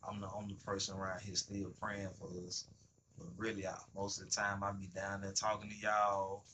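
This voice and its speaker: A man's voice: fairly low pitch, completely flat delivery, moderate pace, noisy background. A man hosting a livestream, talking bluntly in casual street slang and profanity, acting out both sides of everyday conversations. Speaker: livestream host. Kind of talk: casual monologue on stream.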